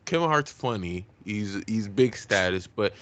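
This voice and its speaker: A man co-hosting a podcast in casual chat, full of slang and eager shout-outs. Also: lowish voice, animated, a little slow. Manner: enthusiastic, gives shout-outs, uses slang. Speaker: podcast co-host.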